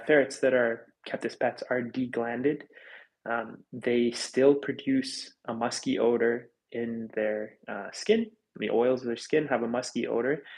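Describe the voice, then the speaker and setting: Gravelly thirty-year-old man chatting on a livestream. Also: medium pitch, a little mellow, low-quality recording. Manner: candid, rambling, chatty with frequent fillers. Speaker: reptile channel host. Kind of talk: casual livestream chat reading comments.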